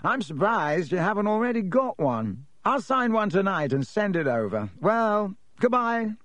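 Man playing a vain wizard, high lofty voice, loud, pompous. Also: big pitch swings, a little slow, dry recording, full character voice. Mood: condescending. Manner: loud, pompous, self-satisfied. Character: vain, pompous male celebrity wizard teacher.

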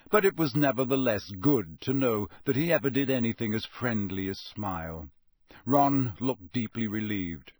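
A man narrating a novel aloud in a measured, expressive storytelling manner. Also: mid-range voice, no echo. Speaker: audiobook narrator. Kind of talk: scripted narration.

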